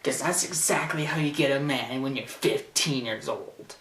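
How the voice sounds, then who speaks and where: A man's voice: mid-range voice, normal speed, gravelly, a bit bright, roomy sound, distant mic, a little hiss or hum. A teenage boy ranting sarcastically and indignantly into a camcorder in his bedroom. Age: teens. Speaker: vlogger. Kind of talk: ranting vlog. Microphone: camcorder mic.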